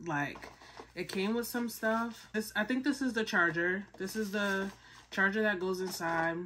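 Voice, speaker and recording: A young woman from Philadelphia excitedly unboxing on her vlog, repeating herself and stumbling over her words. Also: medium pitch, measured pace, a little hiss or hum. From Philadelphia, USA. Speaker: vlogger.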